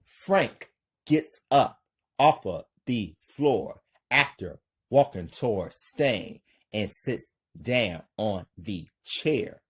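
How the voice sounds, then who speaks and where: A man with a husky voice slowly reading his own action script aloud, stage directions included. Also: fairly low pitch, lively intonation. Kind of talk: amateur script read-aloud.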